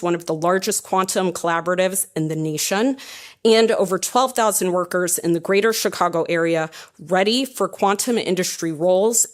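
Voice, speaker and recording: A woman speaks at a press conference, delivering a prepared, upbeat speech with a slightly low voice. She works briskly through lists of partners and thanks, with a light touch of humor. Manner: upbeat, reads thank-you lists, laughs at own jokes. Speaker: president and CEO of an economic development group.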